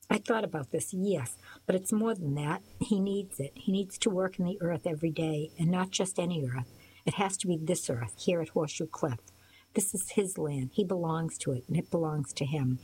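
Woman reading an audiobook, low calm voice, soft and quiet, faint hiss behind. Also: normal speed, low-quality recording. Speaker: audiobook narrator. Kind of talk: first-person audiobook narration.

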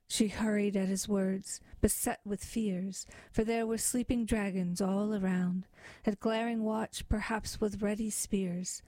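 A woman reading narrative poetry aloud in a measured, expressive way. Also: medium pitch, no room sound. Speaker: reader.

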